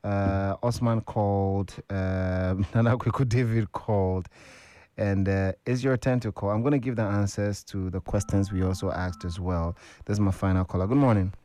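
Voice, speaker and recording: Ghanaian radio quiz host, low voice. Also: male voice, steady tone, moderate pace, mellow. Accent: Ghanaian English. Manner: casual, upbeat, chatty with callers.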